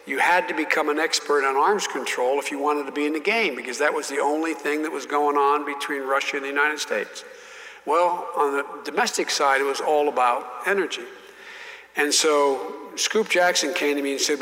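A man's voice: mid-range voice, sharp tone, big-room sound. A man in his seventies, a guest telling anecdotes in an interview, often repeating and restarting words. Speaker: interview guest, former politician. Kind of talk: anecdotal storytelling in conversation.

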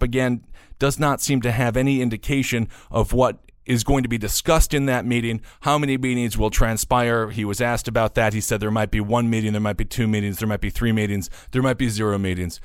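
A man's voice: mid-range voice, smooth, no room sound, studio quality. A man hosting a solo political commentary show, opinionated and sarcastic, with frequent "uh" fillers. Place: New York.

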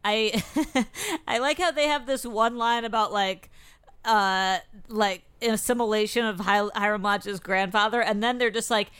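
A woman co-hosting a casual TV recap podcast, talking sarcastically and swearing, with quick mocking impressions of the characters. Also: a little high, a bit bright, smooth, dry recording. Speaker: podcast co-host.

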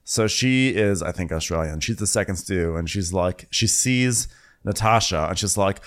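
Young male co-host with a somewhat low voice; wry, amused reality-show chatter. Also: moderate pace. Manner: wry, laughs often, quotes cast members in campy voices. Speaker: podcast co-host. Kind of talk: casual chat recapping a reality show.

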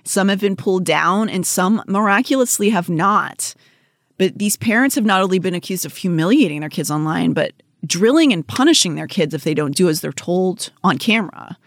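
Blunt young woman podcast host, lowish voice, dry close sound. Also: lively intonation, moderate pace, dry recording. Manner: blunt, swears freely, laughs often. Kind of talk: casual podcast chat.

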